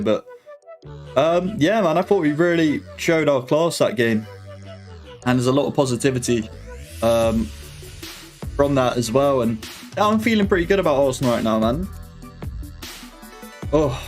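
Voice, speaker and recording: A young man talks into a desk mic at home while hosting a live football watch-along. He keeps up a loose, slangy banter and reads out his viewers' comments. Faint music plays underneath. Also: mid-range voice. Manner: chatty slangy banter with chat, reading comments aloud. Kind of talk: casual live-stream chat.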